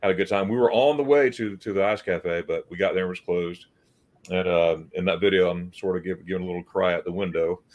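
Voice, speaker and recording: An American man hosts a livestream and chats casually, telling loose stories in a low voice, stumbling over repeated words and acting out what people in them said. He talks fast with a slightly mellow tone, and the audio is dull.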